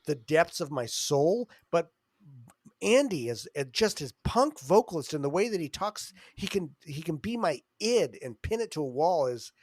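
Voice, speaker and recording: A man co-hosting a podcast, talking with excitement, swearing often and trailing off mid-thought. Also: on the high side, normal speed, no echo. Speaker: podcast co-host. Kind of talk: casual chat.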